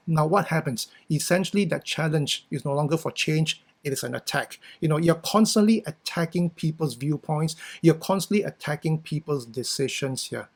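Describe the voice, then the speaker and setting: Singaporean guy, fairly high voice, chatty workshop talk, lots of "you know" and "right?". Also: breathy edge. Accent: Singaporean English. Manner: conversational, repeats words, frequent "you know" and "right?". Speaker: workshop speaker. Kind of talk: talk on communication.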